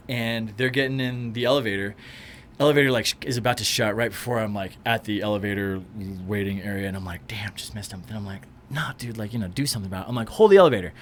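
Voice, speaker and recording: A man and actor, a podcast guest, telling an animated story in casual chat and acting out what people said. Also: medium pitch, fast talker, slight background noise. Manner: animated anecdote-telling, acts out quotes.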